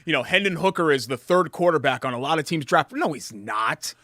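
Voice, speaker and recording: A male co-host of a sports talk show, talking in a bright, lively tone with a casual, jokey manner. The sound is close and dry, with no room around it. He moves easily between sports opinions and playful sponsor plugs. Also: fairly high pitch, fairly quick, no echo. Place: studio.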